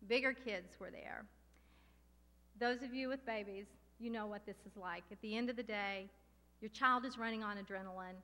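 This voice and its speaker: A woman's voice: medium pitch, pushed and bright. Impassioned woman preaching in a reverberant hall. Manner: impassioned, emphatic, slows down to stress key words. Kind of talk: sermon.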